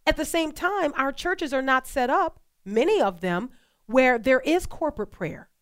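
A woman's voice: high-pitched, expressive, unhurried. Passionate woman co-hosting a faith talk show. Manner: passionate, emphatic, repeats phrases for stress. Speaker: co-host.

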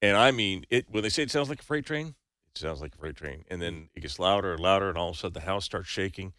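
A man's voice: sits low, quick pace, sharp tone, no room sound, clean studio sound. A man co-hosting a casual talk show, chatty and joking, with many restarts as he tells stories and reads out news. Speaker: news segment host.

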